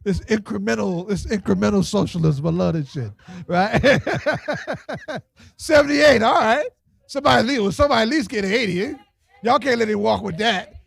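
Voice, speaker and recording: High-voiced joking auctioneer man. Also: moderate pace, creaky, breathy edge, dry recording. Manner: playful, teasing, street slang, laughs often. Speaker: auctioneer at a fundraiser. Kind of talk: lively joking fundraiser auction. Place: event hall with audience.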